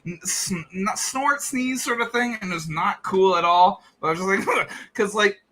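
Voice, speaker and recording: Casting: bright-voiced, higher-pitched man, rambly casual host who laughs easily. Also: normal speed, a little hiss or hum. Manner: rambling, laughs often, many fillers and restarts. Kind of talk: casual chat.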